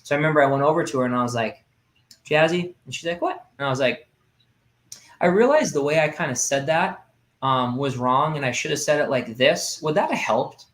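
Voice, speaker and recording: A man's voice: medium pitch, fairly quick, a bit bright. A man in his thirties talking casually in a podcast conversation, rambling with lots of fillers and restarts. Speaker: podcast host. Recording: roomy echo.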